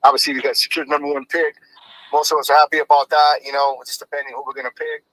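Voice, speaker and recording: A man calling in to a live fan show, rambling quickly with many fillers. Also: fairly high pitch, level tone, sharp tone, dry recording, low-quality recording. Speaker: call-in guest. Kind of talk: casual live chat. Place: at work.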